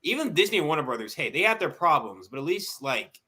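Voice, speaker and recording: A man co-hosting a pop-culture podcast, ranting rapidly with profane jokes. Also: on the high side, sing-song, over a noisy crowd. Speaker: podcast co-host. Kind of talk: heated pop-culture chat.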